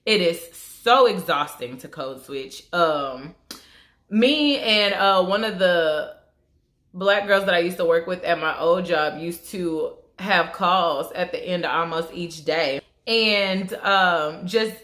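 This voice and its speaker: A young woman with a country Southern twang talks candidly to camera in a relaxed vlog. Her voice sits a little low. The room around her sounds echoey. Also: takes it slowly. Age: young adult. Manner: candid, conversational, shifts into higher voice for quoted business tone. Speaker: vlogger. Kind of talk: casual get-ready-with-me talk.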